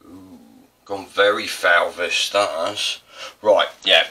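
A low, unhurried voice with a bright, forceful tone comes from a man from Essex in South East England, recorded on a distant mic with a little hiss or hum. Demonstrating printmaking, he chats and rambles casually, prone to digressions and self-deprecation.

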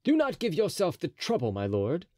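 A man's voice: a little high, huge pitch swings, moderate pace, a little mellow, no echo, studio quality, voice pushed up. A man voicing a bold, mocking young Gascon swordsman in an audiobook, speaking with teasing courtesy.

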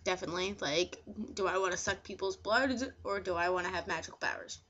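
A woman's voice: fairly low pitch, fairly quick, a bit bright, lo-fi sound. Hesitant woman. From New Jersey. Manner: hesitant, with frequent fillers. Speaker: vlogger. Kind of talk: casual word-list reading.

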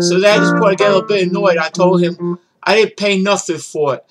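A man, telling rambling, profane street stories in a gruff voice, like spoken-word poetry. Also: high voice, steady tone, normal speed. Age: 60s. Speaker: show host and musician. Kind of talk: rambling spoken-word storytelling over guitar. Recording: loud guitar music behind the voice.

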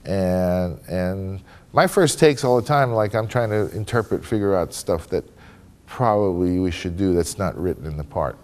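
This deep-voiced man talks at a normal speed with a slightly mellow tone. He's the guest trumpet player on a casual panel in a conference room with an audience, and his loose, candid remarks are sprinkled with "you know" and "man."

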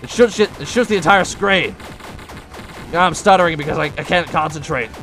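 A young man giving casual gameplay commentary, breaking into frustrated, yelling outbursts at the game. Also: a little high, moderate pace, soft background music. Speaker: let's play gamer.

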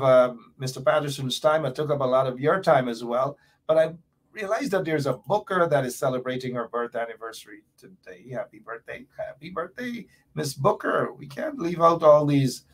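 A man hosting a political talk show, rambling and jokey, with animated outbursts. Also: mid-range voice. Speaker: radio talk show host.

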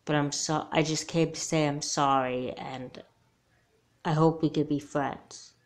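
Woman doing a hushed apologetic kidnapper lady, low quiet voice, hesitant, homemade doll movie. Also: steady tone, measured pace. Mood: remorseful. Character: gentle remorseful adult woman kidnapper.

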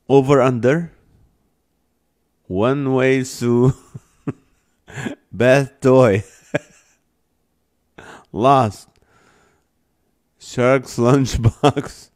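Slow-talking man laughing through comments. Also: medium pitch, steady tone, darkish tone. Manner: laughs often while reading; slow, drawn-out delivery. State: laughing to tears. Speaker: live stream host. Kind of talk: reading viewer comments aloud.

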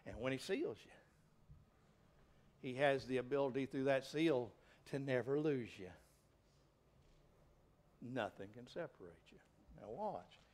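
A man's voice: medium pitch, a little slow, long pauses, slight background noise. A middle-aged man, preaching a sermon in a folksy, emphatic way. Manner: folksy, animated preaching with rising emphatic peaks. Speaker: pastor.

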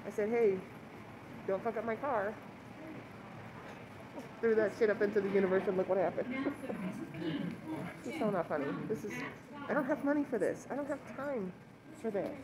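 A woman's voice: mid-range voice, background noise. A woman chatting casually to her camera in a vlog. She rambles and sighs often while waiting outdoors for a cab. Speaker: vlogger.

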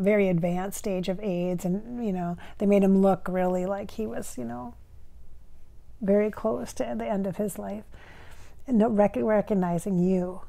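A woman psychic from Minnesota talks in her own casual vlog, earnest and emotional, at an ordinary middle pitch. She sometimes turns to address a spirit directly as she shares her reactions. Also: darkish tone. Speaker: psychic channeler, channel host. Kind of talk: casual reaction talk to camera.

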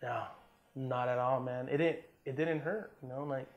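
The sound is lo-fi as a Southern California man, an Army combat veteran, relates a war story during a casual interview. His medium-pitched voice moves at a moderate pace, relaxed and profane, full of "man" and "you know," with quotes acted out.

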